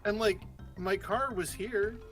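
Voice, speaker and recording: A man co-hosting a casual chat, telling a story in an animated way and swearing freely. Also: sits high, takes it slowly, faint music behind. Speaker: podcast co-host.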